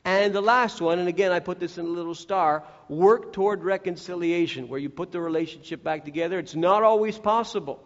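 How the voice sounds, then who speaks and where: Man, preacher, high voice, earnest sermon, acts out quotes, dull lo-fi recording. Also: brisk, hardly any pauses. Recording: echoey hall, dull lo-fi sound.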